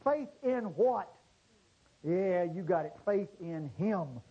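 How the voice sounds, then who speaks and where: A man preaching a sermon to a congregation, swinging from low murmurs to loud exclamations and drawing out key words. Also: animated, husky, highs cut off. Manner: drawn-out stressed words. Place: church service before a congregation.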